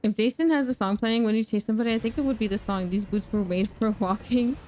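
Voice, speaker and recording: With a slightly mellow voice on the high side, she talks quickly while streaming a horror game. The young woman chats with her audience, makes fun of herself, and bursts into laughter or shrieks at scary moments during her live commentary.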